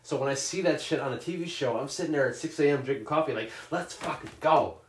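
Swearing podcast dude acting out scenes, echoey room. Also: male voice, medium pitch, fast, far from the mic, a little hiss or hum. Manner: profane, animated storyteller who acts out scenes. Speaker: podcast co-host. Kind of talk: casual chat. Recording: roomy echo.

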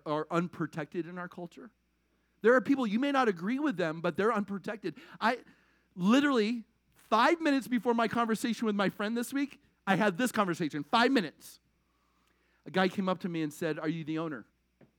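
Animated high-voiced male pastor preaching. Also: no room sound, clean studio sound. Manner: conversational and animated, swinging between loud emphasis and soft asides. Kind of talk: sermon.

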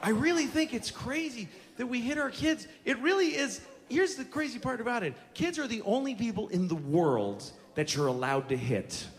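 A man's voice: very high voice, animated, moderate pace, hardly any pauses, slight background noise. A man doing stand-up comedy in a theater, ranting in an exasperated, profane way. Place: theater stage. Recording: echoey theater, audience laughter.

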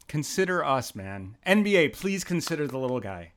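A man's voice: fairly high pitch, very animated, normal speed. A young man hosting a podcast, laid-back and laughing often in casual chat. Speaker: podcast host.

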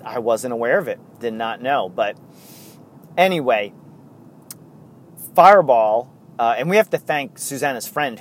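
A middle-aged man, co-hosting a casual podcast and telling rambling stories in excited bursts. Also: mid-range voice, slight background noise. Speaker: podcast co-host. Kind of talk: casual chat.

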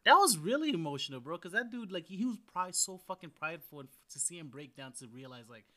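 A young man in casual chat, animated and teasing, laughing often and swearing freely. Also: fairly high pitch, fast.

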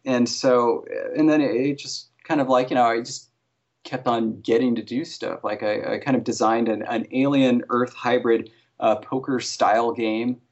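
A man's voice: mid-range voice, steady tone, moderate pace, darkish tone. A man who consults on invented alien languages for a TV series, answering interview questions casually with many restarts and fillers. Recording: dull lo-fi sound.

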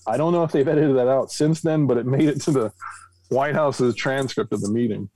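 A man co-hosting a casual podcast, recapping the news in a relaxed, conversational way. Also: medium pitch, fairly quick, a little hiss or hum, rough recording. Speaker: podcast co-host.

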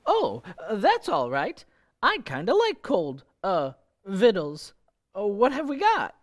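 An actor playing a nervous, bumbling young husband who stammers with many hesitations, in 1940s radio acting. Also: male voice, high-pitched, huge pitch swings, takes it slowly, exaggerated voice. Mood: flustered.

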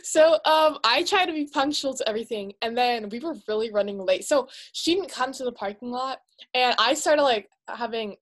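A teenage girl retelling a story to friends in casual chat, excitable and breathless, with frantic gasps. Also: a little high, normal speed. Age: teens.

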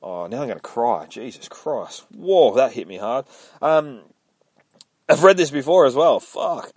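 A man's voice: mid-range voice, lively intonation, unhurried, dry recording, clean studio sound. Profane joking podcast host, man. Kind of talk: casual comic book recap.

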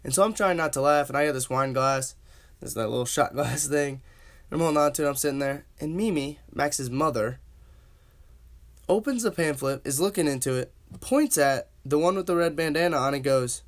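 A man's voice: on the high side, a little fast. A young man casually telling a funny personal story as host of his own podcast, slangy and laughing along. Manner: laid-back, slangy, laughs while telling.

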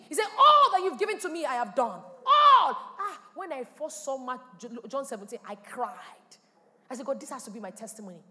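A woman pastor preaches in an animated style, swinging from quiet asides to loud bursts. Her voice sits high and moves a lot. It rings out with a long reverb in a church hall. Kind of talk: sermon.

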